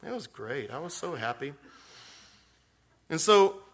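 A man's voice: fairly high pitch, very animated, unhurried, fairly bright tone, slight background noise. Folksy, rambling male preacher. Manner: folksy, rambling, with many restarts. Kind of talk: storytelling sermon.

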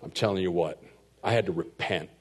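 A middle-aged man preaching a sermon as a pastor, telling stories and swinging from hushed asides to loud, emphatic points. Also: deep voice, a little fast, a crowd in the background.

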